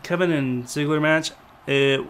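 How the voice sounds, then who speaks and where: A man co-hosting a casual wrestling review show, talking in a relaxed, rambling way and trailing off quietly at times. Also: a little high, measured pace, clear, resonant tone. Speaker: co-host.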